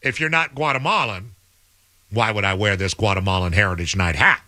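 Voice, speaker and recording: A man's voice: lowish voice, brisk, sharp tone. A man co-hosting a sports radio show, trading playful, teasing banter and stretching words out for emphasis. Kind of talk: casual sports talk banter.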